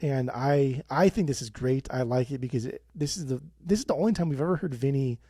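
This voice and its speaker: A young man co-hosts a casual podcast, talking in animated bursts and swearing freely. His voice is dark and a little husky. The dry, close recording keeps the room out. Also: a little fast, no echo. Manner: animated, swears a lot, bursts of high-pitched ranting. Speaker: podcast co-host. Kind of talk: casual chat.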